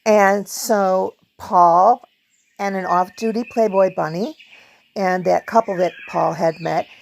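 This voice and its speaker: A woman talks through a casual review, conversational and loose. Her voice carries a gravelly fry. She chats along with small laughs between thoughts. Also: medium pitch, steady tone, slow pace, a little mellow. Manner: chatty, laughs often, hums song snippets. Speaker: video host; performer. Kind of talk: casual book review vlog.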